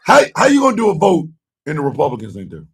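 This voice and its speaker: Cursing guy ranting on his show, voice jumps all over, gravelly, sits back from the mic. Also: on the high side, wildly swooping pitch, quick pace, distant mic. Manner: profane, shouting, swings between yelling and muttering. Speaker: host. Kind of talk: loud rant on a casual talk show.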